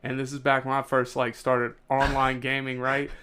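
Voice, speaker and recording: A man hosting a podcast, reading through a list and adding quick joking asides in casual banter. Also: mid-range voice, completely flat delivery, pushed and bright, slight background noise. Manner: reads out lists with quick asides and jokes. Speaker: podcast host.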